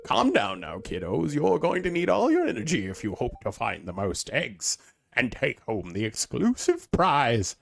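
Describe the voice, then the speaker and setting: A man voicing an older, folksy male town mayor who speaks in a slow, hearty announcer manner. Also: medium pitch, huge pitch swings, gravelly, a little hiss or hum, pitched above the performer's own voice, full character voice.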